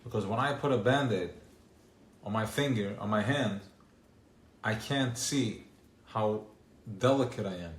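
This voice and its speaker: A man's voice: on the low side, measured pace. Man preaching in an echoey room. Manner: animated, preaching with rhetorical questions. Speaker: speaker at a gathering. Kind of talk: informal religious talk. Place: gathering hall. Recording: echoey live room, faint noise.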